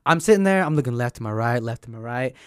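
A man's voice: medium pitch, fast talker, dry recording, studio quality. A young man in casual podcast chat, telling a story with lots of swearing and acted-out quotes. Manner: animated storyteller, acts out quotes, swears often, laughs.

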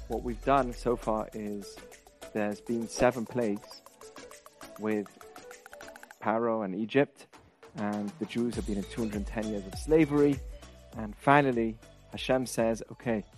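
A man's voice: lowish voice, darkish tone. A man hosting a podcast, giving a casual spoken Torah lesson, explaining Hebrew terms and asking rhetorical questions along the way. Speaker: podcast host teaching weekly Torah portion.

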